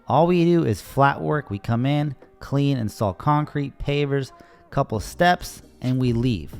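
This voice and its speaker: A young male landscaping contractor with a medium-pitched, slightly mellow voice narrates over a timelapse. In a casual voice-over, he tells an exasperating job story and acts out the people he quotes.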